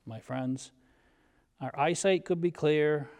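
A man's voice: mid-range voice, measured pace, darkish tone. A man preaching a sermon in a conversational way, with self-deprecating humor and rhetorical questions. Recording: long hall reverb.

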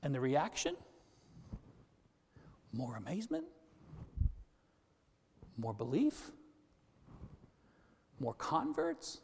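A man preaching a sermon as pastor, with animated delivery, quick asides and voices for the people he quotes. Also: medium pitch, vocal fry, breathy edge, big-room sound.

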